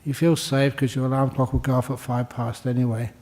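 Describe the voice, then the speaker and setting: Older male monk, dharma teacher; mellow, humorous, conversational. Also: mid-range voice, level tone, fairly quick. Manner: joking, conversational, repeats phrases for emphasis. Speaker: Buddhist monk teaching meditation. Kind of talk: dharma talk answering questions.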